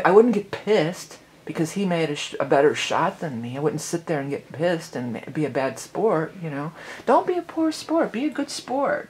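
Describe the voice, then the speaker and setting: A woman's voice: fairly low pitch, darkish tone, a little hiss or hum. A middle-aged woman hosting an astrology channel, chatting casually and rambling with lots of "you know". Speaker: psychic astrology channel host.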